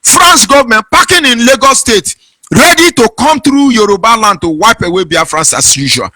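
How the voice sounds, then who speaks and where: A man's voice: extremely high pitch, sing-song, moderate pace, bright, forceful tone, no room sound. A man from southeastern Nigeria with a Nigerian accent, giving a fervent political monologue as host in a sing-song preaching cadence. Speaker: online broadcast host.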